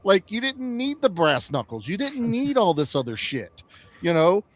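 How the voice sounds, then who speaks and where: A man's voice: high voice, moderate pace, dry recording. A man co-hosting a casual online movie chat, swearing freely and acting out scenes. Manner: profane, animated, acts out scenes. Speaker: podcast co-host.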